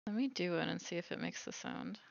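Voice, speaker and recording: Chatty streamer woman with a gravelly edge. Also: lowish voice, lively intonation, a little fast, dry recording, highs cut off. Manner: chatty, thinks aloud while cooking. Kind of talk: casual livestream chat while baking.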